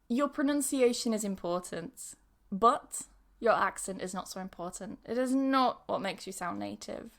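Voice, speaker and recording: Chatty Yorkshire woman, fairly high voice. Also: vocal fry. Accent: Yorkshire English, mixed with some Bristol. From Yorkshire, England. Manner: chatty, frank, laughs often, loses her words. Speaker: podcast host and English teacher. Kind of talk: casual podcast monologue.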